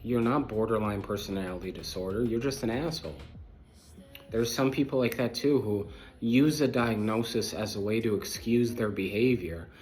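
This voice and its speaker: A podcast host with a lowish, darkish voice talks at a moderate pace in a casual monologue to his viewers. He's blunt, repetitive, and preachy, jumping manically from one thought to the next with heavy emphasis.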